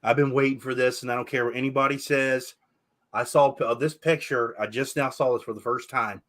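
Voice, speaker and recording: A man's voice: medium pitch, steady tone, fairly quick, a bit bright. A man hosting a casual podcast chat, telling stories with animation and swearing freely. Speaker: podcast host.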